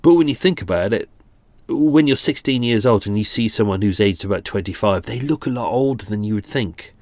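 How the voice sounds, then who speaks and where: A man's voice: lowish voice, animated, a little fast, darkish tone, dry recording. A man in his forties with a British accent, hosting a true-crime podcast in a chatty, self-deprecating way. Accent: British English. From England. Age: 40s. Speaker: podcast host.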